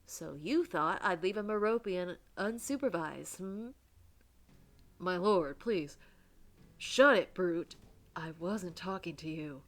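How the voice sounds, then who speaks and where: Woman putting on a pompous southern reverend, sneering male villain, lowish voice, game reading. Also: animated, measured pace. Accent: put-on American Southern. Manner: sneering, shouting insults.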